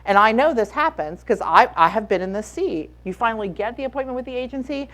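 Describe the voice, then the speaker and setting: A woman's voice: a little high, lively intonation, fast, a bit bright. A woman speaking as a conference panelist, giving advice emphatically and repeating her key points. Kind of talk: advisory panel talk. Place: conference room.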